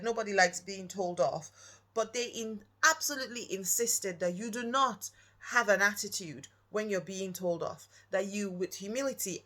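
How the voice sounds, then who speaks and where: A woman's voice: medium pitch, fairly bright tone. A woman from Nigeria, giving an earnest, reflective personal talk and putting questions straight to the listener. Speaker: speaker.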